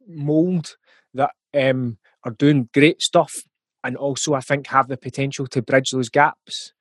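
A Scottish musician, guesting in a relaxed, casual interview, chooses his words thoughtfully with many ums and small restarts. His voice sits at middle pitch, and the sound is dry with no room around it.

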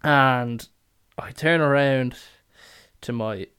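A young male podcast host with a medium-pitched, smooth voice tells comic stories from his job at an unhurried pace. His delivery is sweary and rambling, dotted with deadpan asides.

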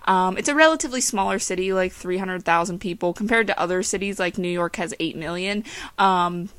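A woman's voice: on the low side, a little fast, a bit bright, no echo. A young woman from western Pennsylvania with a faint Pittsburgh accent, hosting her own podcast in a casual, rambling, chatty way with frequent laughs. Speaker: podcast host.

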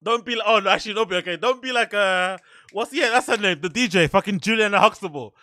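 A man with a high, bright voice tells loose, profane stories in a casual podcast chat. He rambles and doubles back through his anecdotes. The sound is dry and close. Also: fast, dry recording. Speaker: podcast host.

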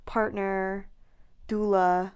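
A pregnant woman in her thirties chatting casually, telling an animated story, acting out quoted lines and laughing often. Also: mid-range voice, drawn-out words, clear, resonant tone, highs cut off. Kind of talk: casual chat.

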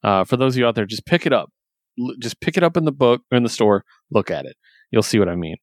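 A man casually recapping a story, chatty and laughing often, quoting characters in quick voices. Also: medium pitch, expressive, no echo, studio quality. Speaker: comic book reviewer. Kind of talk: casual chat.

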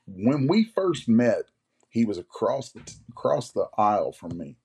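Low husky-voiced man telling stories. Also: sing-song, unhurried, darkish tone. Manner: rambling anecdotes, acts out others' lines; frequent throat clearing. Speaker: guest comic artist. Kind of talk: casual storytelling interview.

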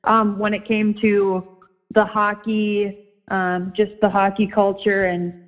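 A young woman with a Minnesota accent talks as an interview guest in a friendly, halting way, often pausing on ums. The audio is a bit dull and lo-fi. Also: medium pitch, flat delivery. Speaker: guest, former college hockey player and coach. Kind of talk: casual interview chat.

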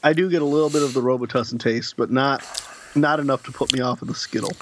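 A man's voice: mid-range voice, steady tone, fast, a little hiss or hum, poor audio. A man co-hosting a podcast in casual chat, playful and teasing, giggling often. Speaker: podcast co-host.

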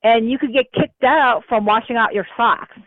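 A woman from New Mexico calling into a talk show, talking in an excitable, scattered way. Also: a little high, normal speed, no echo. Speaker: caller. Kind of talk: phone-in call. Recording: phone line.

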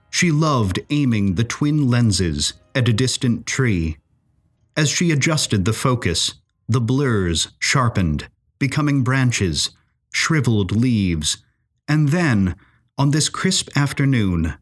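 A male narrator reads a period story in a measured, expressive style. He takes his time and lets his voice rise and fall widely. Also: medium pitch.

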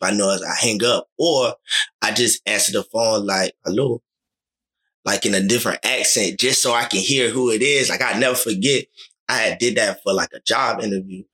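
A man's voice: on the low side, fairly bright tone. A man in casual podcast chat, telling rambling stories with lots of fillers and restarts. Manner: rambling storyteller, many likes and restarts.

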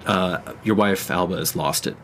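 A man runs a tabletop game, narrating scenes with dramatic, unhurried weight and frequent restarts. His voice sits very low. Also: fairly bright tone, slight background noise. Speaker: game master.

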